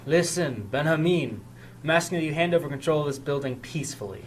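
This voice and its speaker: A student performing every role in a homemade audio drama, swinging between hushed lines and loud outbursts. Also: medium pitch, animated, brisk, slight background noise, poor audio.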